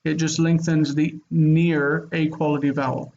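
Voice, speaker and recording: A man's voice: a little high, flat delivery, a little slow, gravelly, darkish tone, dull audio, slight background noise. A man teaching a grammar lesson online, explaining rules step by step in a casual way with fillers. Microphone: computer mic on video call.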